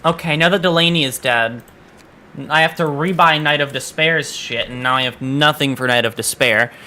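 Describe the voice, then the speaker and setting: A man's voice: on the high side, moderate pace, bright, forceful tone. A man streaming a game and chatting casually, exasperated, swearing often and stumbling over restarts. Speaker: VTuber streamer. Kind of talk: casual gaming stream chat.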